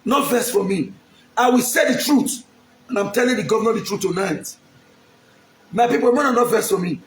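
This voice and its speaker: A man's voice: high-pitched, moderate pace, roomy sound. A man from Edo State, Nigeria, with a Nigerian accent, making an emphatic, pleading public appeal straight to the camera and repeating his lines. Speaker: aspiring local politician.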